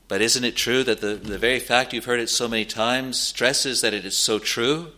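Bright-voiced male preacher, earnest sermon. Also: mid-range voice. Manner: earnest, pleading with listeners, slow stressed phrases.

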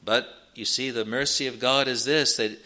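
Male pastor, earnest sermon delivery, bright tone, middle pitch. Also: steady tone, normal speed. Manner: earnest, rises in pitch and volume on scripture quotes. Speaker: preacher.

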